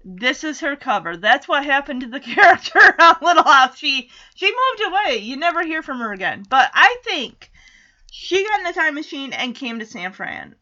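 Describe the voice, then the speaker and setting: A woman's voice: high-pitched, sing-song, normal speed, bright, forceful tone, dull audio. A woman in casual recap chat, chatty and giggly, acting out character lines as she goes. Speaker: TV show recapper.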